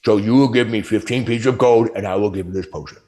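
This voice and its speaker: A man voicing a scheming teenage male ogre mage who haggles over gold, slow and bargaining. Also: lowish voice, a little mellow, close to an everyday voice. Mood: haggling.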